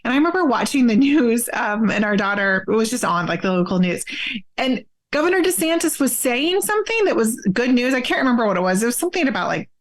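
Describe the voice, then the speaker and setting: A woman's voice: on the high side, sing-song, quick pace. An American woman speaking as a guest in a casual political chat, frank and candid, with casual fillers and the odd curse word. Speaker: podcast guest, activist.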